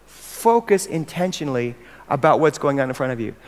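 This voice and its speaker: High-voiced American man preaching in a hall. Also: animated, fairly quick. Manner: earnest, emphatic, asks the room questions. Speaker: pastor addressing church leaders. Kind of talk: sermon. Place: large hall with other church leaders. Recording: long hall reverb.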